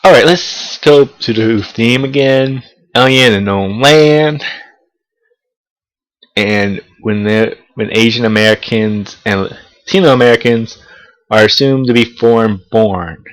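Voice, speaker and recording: A man's voice: medium pitch, a little slow, rough recording. Rambling young man vlogging. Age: young adult. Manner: rambling, profane, hesitant restarts. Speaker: college student vlogger. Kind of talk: casual talking-head vlog. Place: South of the United States.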